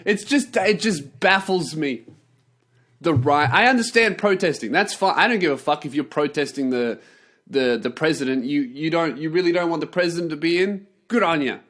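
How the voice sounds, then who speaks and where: A man ranting on his vlog, sarcastic and animated, swearing constantly. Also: a little high, moderate pace. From not from the United States. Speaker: vlogger. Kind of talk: profane ranting commentary.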